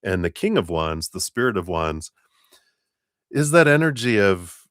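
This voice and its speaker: Low-voiced man giving a tarot reading. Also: measured pace, no room sound, clean studio sound. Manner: relaxed, meandering, spiritual talk with many fillers; acts out spirit voices in a raised pitch, laughs often. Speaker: tarot reader. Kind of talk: live tarot reading stream.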